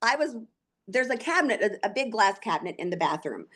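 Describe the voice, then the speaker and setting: A woman's voice: mid-range voice, sing-song, a little fast. A woman from Texas with a Texan accent, a podcast guest chatting casually, giggling and rambling as she loses her train of thought. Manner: giggly, rambling, self-interrupting. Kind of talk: casual chat.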